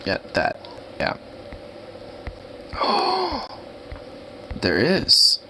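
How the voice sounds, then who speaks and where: Hoarse, excitable livestreamer, lively swings. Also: a little slow, background noise. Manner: excitable, swearing, squeals up high when gushing. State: voice turning hoarse and raspy. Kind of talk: casual live reaction chat.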